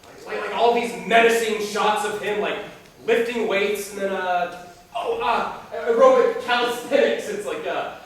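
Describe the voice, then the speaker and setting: A man in a rambling, halting casual chat, often breaking into laughter. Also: high-pitched, slight background noise. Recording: echoey room from far off.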